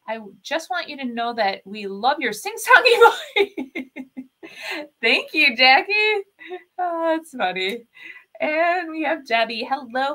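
A woman with a slightly high, bright, crisp voice hosts a live crafting stream. She chats casually with viewers and greets them by name. She rambles with plenty of fillers and self-corrections. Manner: chatty and upbeat, greets viewers and reads their comments aloud. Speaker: host of a furniture-flipping craft channel.

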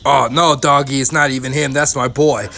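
A man doing an excitable loud dude. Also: normal speed, creaky, a little hiss or hum. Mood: excited. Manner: loud, excitable, high-pitched when worked up. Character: excitable young man calling everyone doggy.

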